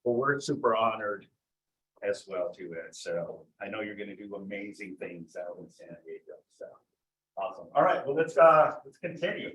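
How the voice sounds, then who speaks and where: A man's voice: fairly low pitch, lively intonation, moderate pace, a bit bright. A man hosting a team meeting, making upbeat announcements and welcoming newcomers. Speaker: meeting host. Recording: echoey room, far from mic.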